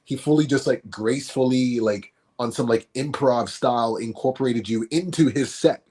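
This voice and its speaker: A man's voice: medium pitch, normal speed, darkish tone, breathy edge. A man co-hosting a casual talk show, responding with short affirmations and then recapping the story with enthusiasm. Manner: supportive, frequent short affirmations. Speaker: co-host. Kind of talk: casual chat.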